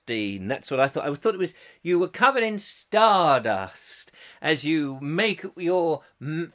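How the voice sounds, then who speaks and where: A man's voice: high voice, pushed and bright. A man in his fifties hosting a live comic chat show, rambling through viewer comments with jokey, self-mocking asides. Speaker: host.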